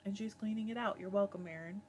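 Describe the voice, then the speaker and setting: A woman's voice: medium pitch, fast talker, a little mellow, a little hiss or hum. A woman hosting a live stream in a casual, chatty way, reading viewer comments aloud, laughing often and breaking off mid-word. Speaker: livestream host.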